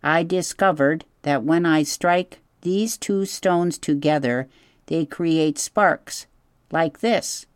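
A reader voicing a calm, polite female robot who speaks slowly and carefully in an audiobook. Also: mid-range voice, clean tone, dry recording, studio quality, voice pushed up, close to an everyday voice. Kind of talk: audiobook character voice.

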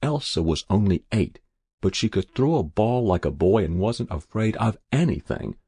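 A man narrates a story in an expressive reading voice, rising and falling with plenty of movement. His voice sits very low, with a gravelly, husky grain. The recording is dry and close. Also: normal speed, dry recording.

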